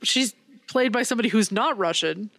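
A woman's voice: on the high side, animated, brisk, vocal fry, a bit bright, dry recording. A woman co-hosting a casual film review chat, rambling and profane as she picks apart the plot. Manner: rambling, profane, mocks bad accents. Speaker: podcast co-host.

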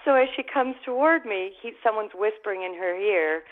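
A middle-aged woman from Canada, a guest actress and author, telling lively anecdotes and acting out the voices in them. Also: medium pitch, moderate pace. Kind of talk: animated storytelling in an interview. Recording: phone-like narrow sound.

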